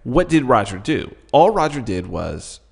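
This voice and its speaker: Excitable, swearing podcast man. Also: medium pitch, unhurried, gravelly, breathy edge. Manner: excitable, swearing, many restarts. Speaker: podcast co-host. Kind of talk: casual chat.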